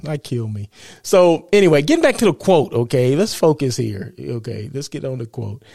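A man's voice: medium pitch, sing-song, moderate pace, gravelly, warm tone, dry recording, clean studio sound. A man from the United States hosting a live show and podcast. He talks casually and chattily, keeps asking "right?" and chuckles at his own jokes. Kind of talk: casual live-stream talk.

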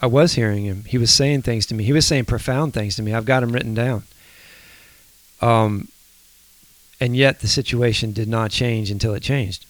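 Soft-spoken reflective man, dry sound. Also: mid-range voice, normal speed, no echo. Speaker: podcast co-host. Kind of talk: faith podcast conversation.

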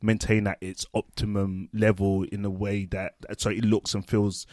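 A man's voice: on the low side, little pitch movement, normal speed, a little mellow, dry recording, studio quality. A man co-hosting a casual podcast among friends, who rambles through playful analogies and laughs often. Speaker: podcast co-host, social worker. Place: home front room.

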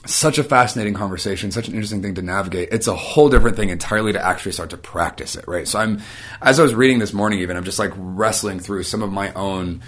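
A man giving a casual but emphatic faith-based talk, swinging between animated, raised passages and low, quiet ones, with casual fillers throughout. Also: fast. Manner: emphatic, builds to animated peaks then drops low and quiet; casual, filler-heavy phrasing. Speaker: Christian teacher.

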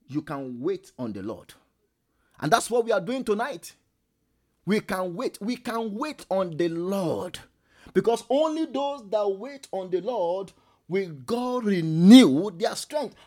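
A man leading a prayer meeting sermon, emphatic and repetitive, swinging between soft and loud, at times speaking in tongues. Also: high voice. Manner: speaks in tongues while praying. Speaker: prayer leader.

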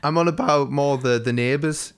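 Co-hosting a podcast, a man with a slightly high, clean-toned voice speaks at normal speed. His casual chat wanders through stories, with plenty of swearing.

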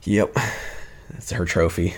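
A man with a very low voice, co-hosting a podcast in casual chat. He answers in short, dry, deadpan quips. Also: slow. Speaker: podcast co-host.

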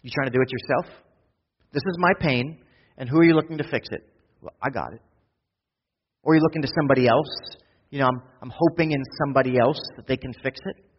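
A pastor preaching a sermon, swinging from loud, quick urgency to hushed, slow intimacy. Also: male voice, mid-range voice, in a large hall, dull audio, slight background noise. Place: church.

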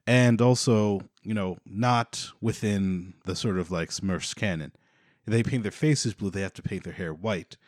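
A man co-hosting a casual podcast, recapping a book with wry, deadpan asides. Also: measured pace, no echo, clean studio sound. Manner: wry, deadpan asides, puts on squeaky high voices for quotes. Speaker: podcast co-host.

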